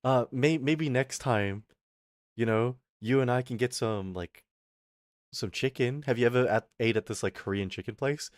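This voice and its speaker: This young adult man's voice sits in the mid range and moves at a normal speed as he tells a meandering, profane story on stream, imitating the people in it. The studio-quality audio is dry.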